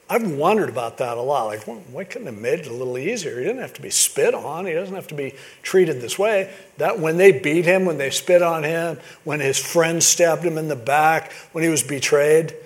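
A man's voice: on the high side, lively intonation, moderate pace. A male pastor giving a conversational, earnest sermon, building to emphatic questions.

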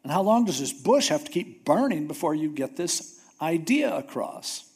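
A preacher voicing an exasperated, sarcastic God. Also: male voice, fairly high pitch, sing-song, moderate pace, darkish tone, slightly rough, exaggerated voice. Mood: impatient. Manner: sarcastic, scolding. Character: impatient, exasperated male God.

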